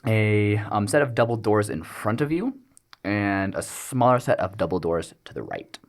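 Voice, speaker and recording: A man's voice: lowish voice, lively intonation. A man running a tabletop game as game master, narrating casually with many fillers. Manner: halting, many fillers, laughs often.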